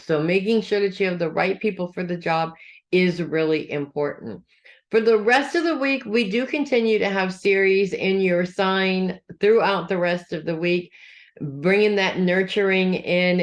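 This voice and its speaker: Chatty woman giving weekly horoscopes. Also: fairly low pitch. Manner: chatty, self-correcting, talks straight to viewers. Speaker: astrology reader. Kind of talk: casual weekly horoscope reading.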